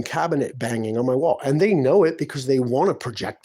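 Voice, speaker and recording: A vlogger in his apartment delivers a long, rambling monologue to the camera, distressed and aggrieved as he moves from one complaint to the next. His voice is on the high side and sing-song, warm with a breathy edge. He talks briskly, barely pausing.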